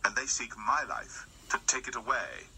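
A man reading King James scripture aloud at a Bible study, steady and rising in force at dramatic lines. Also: mid-range voice, moderate pace, gravelly, slight background noise, poor audio. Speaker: Bible reader.

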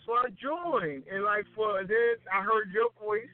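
A man telling a casual story in chat, animated and acting out the voices of the people he quotes. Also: sits high, measured pace, no echo. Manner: animated, acts out quoted lines. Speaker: guest DJ. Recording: tinny phone-line sound with faint music.

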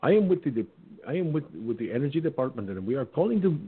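A man's voice: big pitch swings, fast talker, slightly rough. A man putting on an Indian-accented phone scammer. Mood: scripted pitch. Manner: stumbling, repetitive sales pitch. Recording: phone-like line.

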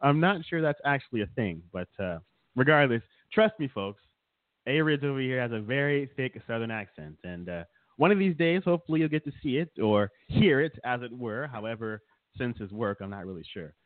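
A man's voice: medium pitch, lively intonation, brisk, dry recording. A man co-hosting a casual comedic chat show, rambling and teasing his co-host with frequent chuckles. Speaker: podcast co-host. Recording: dry, tinny phone-like sound.

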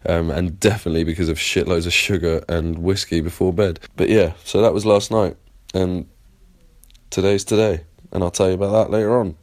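A man's voice: sits low, fairly even intonation, fairly quick, darkish tone, no echo, studio quality. An English man from Plymouth rambling through a casual, sweary audio diary as host. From Plymouth, England. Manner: rambling, sweary, enthusiastic storytelling. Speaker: podcast host.

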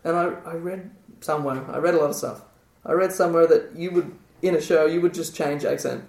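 Man, Australian podcast host, fairly high voice, rambling chatty delivery, echoey room. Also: steady tone, a little fast, far from the mic. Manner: chatty, trailing off, many fillers. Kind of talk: casual podcast conversation.

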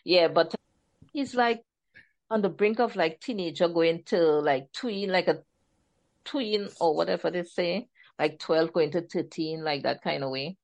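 A woman's voice: lowish voice, a little slow. A woman from Trinidad and Tobago with a Trinidadian accent, an author chatting animatedly about her book in an interview. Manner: chatty, animated storyteller, laughs often. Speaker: author guest. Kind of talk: casual interview chat.

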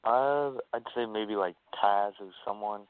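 A man's voice: lowish voice, a little slow, clear, resonant tone, no echo. A man from Iowa, a wrestler guest, giving brief, easygoing answers in a casual interview. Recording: tinny phone-line sound.

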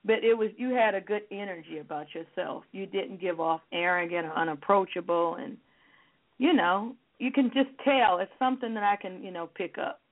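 A woman hosts an interview in a casual, encouraging way. Her voice sits at a middle pitch. It comes through a thin, phone-like line. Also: normal speed. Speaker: host.

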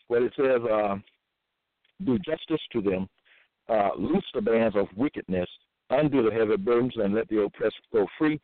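Male preacher reading scripture in a sermon, measured delivery, lo-fi phone-line quality. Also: mid-range voice, dry recording. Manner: reads verses slowly with repeated asides. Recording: tinny, phone-like dry audio.

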